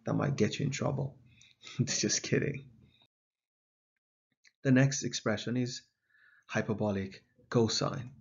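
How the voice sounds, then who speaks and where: A man teaching a video lesson, explaining in a measured way with an occasional filler, on a dull lo-fi recording. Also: on the low side, vocal fry, slightly rough. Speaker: math teacher.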